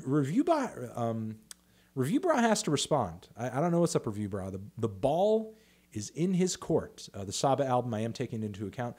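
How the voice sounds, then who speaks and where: A young man fields viewer questions on a casual livestream, talking off the cuff. He rambles through fillers and restarts, swears often, and jumps into excited bursts before trailing off into low mumbles. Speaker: music reviewer answering viewer questions.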